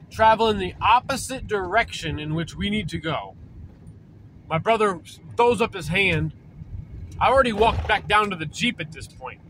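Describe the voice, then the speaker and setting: A man's voice: high voice, pushed and bright, slight background noise, poor audio. A man telling a story casually, rambling and swearing, with lots of fillers, recorded in a parked vehicle. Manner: rambling, profane, full of fillers. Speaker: vlogger.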